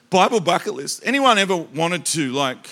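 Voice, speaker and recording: An Australian man delivering a sermon with a fairly high, forceful voice. He tells funny stories in an animated rush and keeps asking the crowd direct questions. There is a bright, punchy edge to his delivery. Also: a little slow. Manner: animated, joking, talks straight to the crowd. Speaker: preacher. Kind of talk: sermon with comic storytelling.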